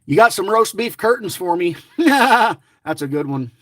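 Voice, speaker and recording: A man's voice: sits high, very animated, measured pace, fairly bright tone, no room sound, studio quality. A middle-aged man giving chatty, rambling running commentary to his viewers, grumbling and joking as he goes. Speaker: lottery scratch-off vlogger.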